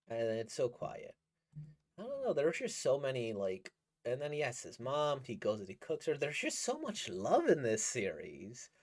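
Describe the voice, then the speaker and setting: A man giving casual, rambling commentary as he reacts to a manga he is reading, enthusiastic and laughing often. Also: medium pitch.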